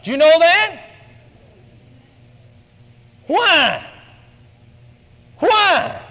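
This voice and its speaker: A man preaching a sermon, telling the story dramatically and building to shouted lines. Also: very high voice, sing-song, very slow, long reverb tail, dull audio.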